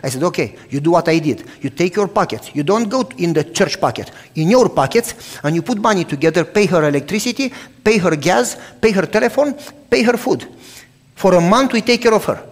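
Older pastor guy preaching, acts out every voice, pitch sits a bit high, big echoey hall. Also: brisk. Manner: animated, acts out both sides of dialogues loudly. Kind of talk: sermon storytelling. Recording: long hall reverb.

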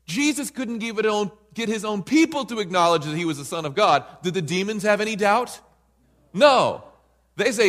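A man's voice: high-pitched, lively intonation, moderate pace, fairly bright tone, long reverb tail. A man preaching a Bible study sermon in an emphatic way, often checking in with listeners by asking "right?".

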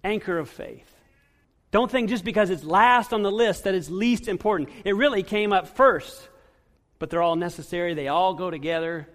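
A pastor with a notably high voice delivers his sermon, reading scripture with dramatic pauses. He rises to loud, emphatic peaks and then sinks to quiet, stretched-out endings. His voice rings out with the long reverb of a large church sanctuary. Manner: swings between loud emphasis and hushed, drawn-out endings.

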